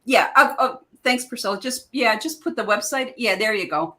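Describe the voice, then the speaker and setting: A woman's voice: on the high side, animated, moderate pace, bright, forceful tone. A woman who is a guest in a casual chat, explaining her ideas with enthusiasm. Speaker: guest, oracle card creator.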